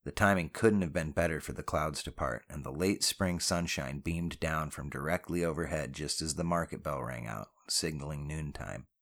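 A man with a very deep voice narrating a novel. His reading is steady and even, with a calm storyteller's pacing. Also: normal speed, hardly any pauses. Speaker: audiobook narrator. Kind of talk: scripted narration.

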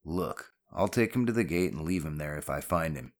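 A man's voice: a bass voice, lively intonation, moderate pace. A man voicing an adult soldier on patrol, plain and brusque.

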